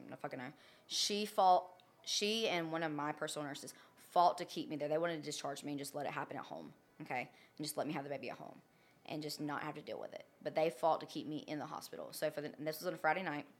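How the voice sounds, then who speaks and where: Blunt, profane young woman telling a story. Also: low-pitched. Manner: blunt and profane, with frequent checking "okay?". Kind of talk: casual personal storytelling.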